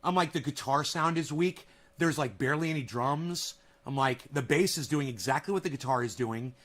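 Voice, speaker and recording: A man vlogging from home in a casual, rambling monologue, telling a story excitably and swearing often. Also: on the high side, normal speed. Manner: animated, profane, excitable storytelling. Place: at home, near a kitchen.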